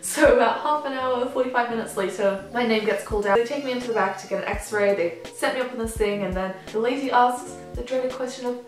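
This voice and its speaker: A woman's voice: fairly high pitch, brisk, few pauses. Teen woman vlogger, dramatic storyteller, very roomy echo, faint music bed. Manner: chatty, dramatic retelling with acted-out quotes. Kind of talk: storytime vlog. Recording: very echoey room, faint music.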